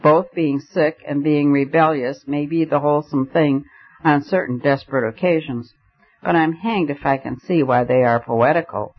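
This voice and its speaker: A man's voice: on the high side, moderate pace, natural voice. Brief: fervent, argumentative young poet, read by a man, slightly raised voice, dull lo-fi sound. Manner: fervent and declamatory. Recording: dull lo-fi recording.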